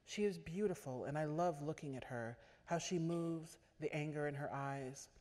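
A woman's voice: low-pitched, moderate pace, darkish tone. Woman reading fiction in a hall. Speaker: author reading her fiction. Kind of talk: literary reading. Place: large auditorium. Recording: echoey auditorium.

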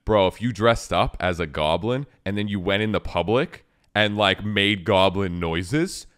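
A man hosting a casual chat, laid-back and slangy, quick to react and toss in ideas. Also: fairly low pitch, fairly bright tone. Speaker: host and YouTuber.

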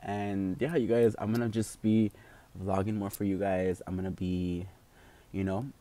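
Young man, vlog rant, teary, lots of fillers, lowish dark voice. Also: flat delivery, moderate pace. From United States. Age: 20s. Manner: rambling, heavy with fillers like "like" and "you know". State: tearful, crying at times. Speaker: vlogger. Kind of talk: emotional personal vlog rant.

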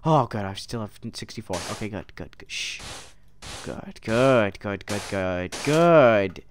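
A man's voice: fairly low pitch, expressive, measured pace, slight background noise. A man rambling goofily through let's play commentary, with mild mock curses and silly tangents. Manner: rambling, goofy, mock cursing. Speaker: gaming video creator.

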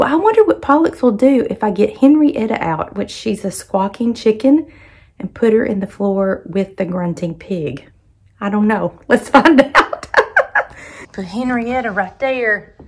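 A woman's voice: a little high, expressive, unhurried. A woman, chatting casually to her viewers and her dogs at home, laughing often. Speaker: vlogger, dog owner. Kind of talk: casual vlog narration talking to her dogs. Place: home and backyard.

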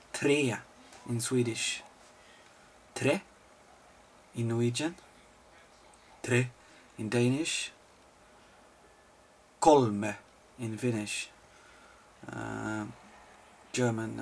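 Slow, gravelly, sleep-deprived man. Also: medium pitch, a little hiss or hum. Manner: swears freely, rambles and jokes. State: tired from lack of sleep. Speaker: video host answering viewer questions. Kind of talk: casual rambling chat.

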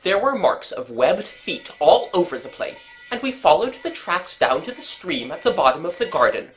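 Woman doing a fuming country gentleman. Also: on the low side, sing-song, moderate pace, soft background music, pitched above the performer's own voice. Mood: agitated. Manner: indignant, fuming. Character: agitated middle-aged country gentleman.

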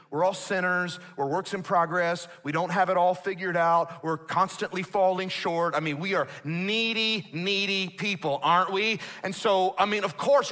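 A man's voice: sits high, pushed and bright. A man pastor delivering a sermon, emphatic and conversational, with asides to the congregation. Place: church auditorium.

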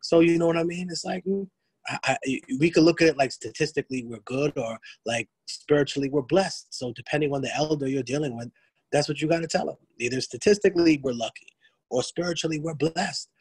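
A man's voice: a little high, husky, no room sound, poor audio. A man, giving a blunt, streetwise lecture to students, with frequent profanity and restarts. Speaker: guest lecturer.

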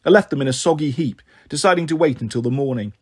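A man with a somewhat high, husky voice reads a children's novel aloud. His narration is steady and measured. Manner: steady first-person reading. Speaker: storyteller.

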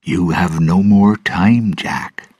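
A man voicing a ghostly sailor covered in sea growth in a storybook reading, speaking in a hushed, half-whispered voice. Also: deep voice, slow, breathy edge, dry recording, clean studio sound, pitched above the performer's own voice, exaggerated voice. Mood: eerie.

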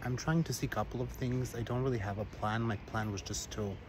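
Travel vlogger, man, mid-pitched voice with dramatic high yelps, handheld outdoor recording with clear background noise. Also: fairly even intonation, a little fast. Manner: dramatic, jokey self-talk with sudden high exclamations. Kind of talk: casual vlog narration. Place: outdoors, forest trail and riverside city. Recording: noisy outdoor camera recording. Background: outdoor ambience, flowing water.

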